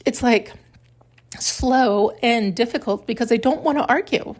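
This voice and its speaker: A woman hosting a podcast, talking through spiritual ideas in a reflective monologue, musing and searching for words with pauses and self-corrections. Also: fairly high pitch. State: tearful at times. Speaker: podcast host.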